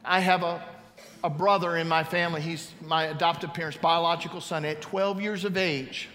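A pastor in his fifties preaching a storytelling testimony, swinging from loud to hushed. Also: fairly high pitch, fairly even intonation, normal speed. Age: 50s. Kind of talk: sermon. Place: large church hall. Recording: reverberant hall, faint ambience.

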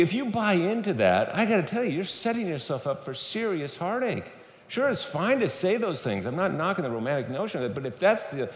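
A man preaching a sermon in a church, telling stories with humor and speaking to the audience directly. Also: a little high. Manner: animated storytelling, playful, talks to the audience. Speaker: guest speaker at a church service. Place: church sanctuary. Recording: echoey hall, faint room noise.

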